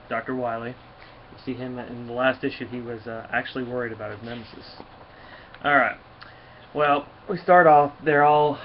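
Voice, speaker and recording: A man with a mid-range voice talks through a comic in a loose, rambling way, full of fillers and restarts. The recording sounds muffled and lo-fi, with a faint hiss underneath. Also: mid-range voice. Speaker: comic book reviewer. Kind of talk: casual comic review.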